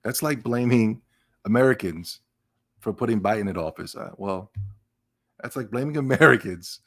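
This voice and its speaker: A man's voice: fairly low pitch, animated, moderate pace, a bit bright. A man hosting a podcast, giving casual gaming news commentary in a sarcastic, emphatic rant with laughs between remarks. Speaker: podcast host.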